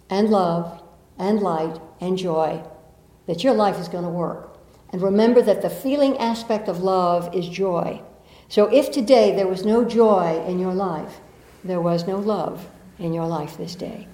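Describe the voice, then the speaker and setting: A woman's voice: medium pitch, mellow. A middle-aged woman with a Southern American accent, a spiritual teacher giving an earnest, reflective talk to an audience with playful asides. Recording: echoey room.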